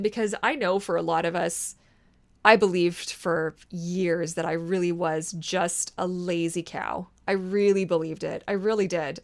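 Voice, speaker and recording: A woman in her thirties talking casually to camera as a vlogger, animated and emphatic, swearing freely and arguing back at herself. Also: mid-range voice. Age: 30s.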